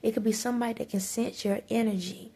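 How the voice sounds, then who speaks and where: Woman vlogger, flat delivery, gravelly texture, urgent and repetitive spiritual pep talk. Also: a little high, fast talker. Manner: emphatic, repetitive urging, stumbles and restarts. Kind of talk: preachy spiritual advice monologue.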